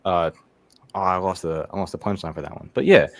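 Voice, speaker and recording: A man's voice: low-pitched, lively intonation, a little fast, dry recording. A man performing a stand-up comedy set, loose and profane, with lots of fillers. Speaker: comedian contestant.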